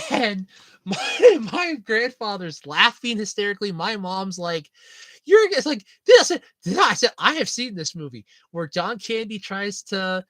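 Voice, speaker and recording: In a casual chat, a young woman tells stories to her viewers at a moderate pace, her voice medium in pitch. Her animated storytelling is giggly and full of frequent laughs, recorded with no echo.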